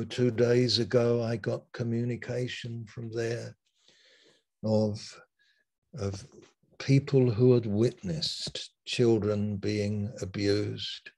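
Male preacher, sermon over video call, unhurried and emphatic, builds from hushed to loud. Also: on the low side. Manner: slow, emphatic preaching with dramatic pauses and swings in loudness.

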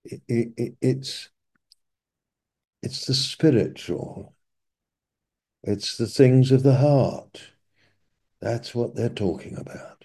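Male preacher, sermon, very slow delivery, emphatic repetition, mellow tone. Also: mid-range voice, breathy edge. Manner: slow, emphatic, repeats key phrases.

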